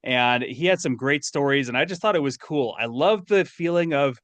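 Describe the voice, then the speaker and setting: A man's voice: medium pitch, animated, normal speed, fairly bright tone, no room sound. A man who is a guest on a podcast, joining over a remote call, talking casually with wry, self-deprecating humor.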